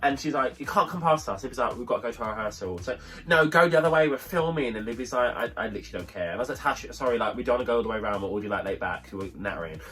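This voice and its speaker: A young man co-hosting a review show tells a long story in casual chat, rattling it off in a mid-range voice with hardly any pauses. He's a chatty, animated storyteller who acts out the voices of the people in the tale.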